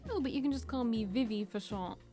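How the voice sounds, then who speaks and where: A woman's voice: a little high, fast talker, dark tone, faint music behind, close to an everyday voice. A woman reading as a cheerful young woman. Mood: friendly. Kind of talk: reading a visual novel aloud.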